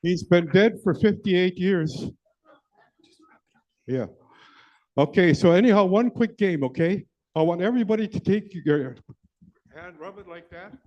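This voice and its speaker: Man playing a flirty joker, crowd-work comedy, highish voice, dull muffled recording. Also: animated, unhurried, pauses often, a little mellow. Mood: teasing. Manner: teasing, rambling, chatty, peppered with "eh". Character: flirty rambling joker man of middle age. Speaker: stand-up comedy character entertaining a crowd. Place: large event hall. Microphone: handheld mic.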